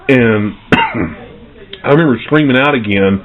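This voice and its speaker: Middle-aged male investigator, lowish voice, unhurried pausing storyteller, lo-fi phone-line sound. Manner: slow, reflective storytelling with pauses. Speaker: paranormal investigator. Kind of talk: recounting a personal ghost story. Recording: tinny phone-like audio.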